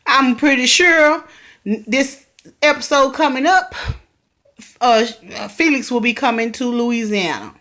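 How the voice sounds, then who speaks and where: Woman vlogger, chatty TV recap, excitable, speaks to camera, pitched a bit high. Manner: chatty and excitable, talks straight to viewers. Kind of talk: casual TV recap vlog.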